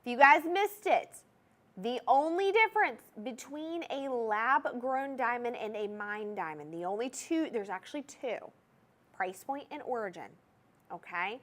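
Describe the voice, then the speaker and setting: A woman's voice: fairly high pitch, expressive, measured pace, a bit bright. A woman with a Southern US accent hosting a TV shopping show, chatty and gushing as she talks straight to the viewers. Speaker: home shopping host. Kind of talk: TV shopping sales pitch. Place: TV shopping studio.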